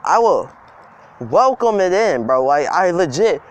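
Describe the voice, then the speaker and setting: High-voiced young man telling a story outdoors. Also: very animated, a little slow. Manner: casual, rambling, emphatic. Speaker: vlogger. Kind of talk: storytime vlog. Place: outdoors in the cold.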